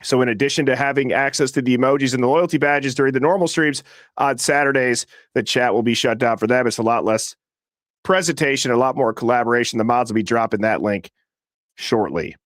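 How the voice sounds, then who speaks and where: A man hosting a live call-in stream, talking fast and casually as he reads out viewer names. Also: medium pitch, no room sound, clean studio sound. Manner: fast, casual, shouting out names in quick succession. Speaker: host of a live call-in show.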